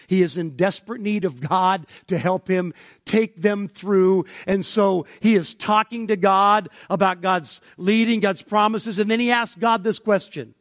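A male pastor preaching a sermon, building to emphatic near-shouts when he voices objections. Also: high-pitched, no room sound, clean studio sound.

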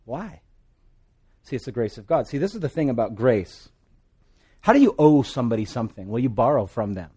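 A man from Hawaii with a Hawaiian accent, preaching a sermon with jokes and swings between loud and soft. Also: brisk, pauses often, breathy edge. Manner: animated, joking asides, pitch and volume swing widely. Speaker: pastor.

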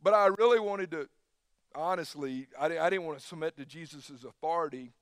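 Male pastor, sermon delivery, emphatic, slightly high voice, dry close sound. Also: brisk, a bit bright, clear, resonant tone, dry recording.

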